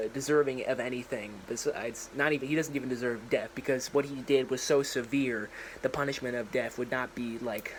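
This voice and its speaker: A young man rambles through a story idea, full of fillers and quick restarts. He slips into characters' lines now and then as he talks into a propped-up phone. A faint hiss sits under his voice. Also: medium pitch, low-quality recording. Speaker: vlogger.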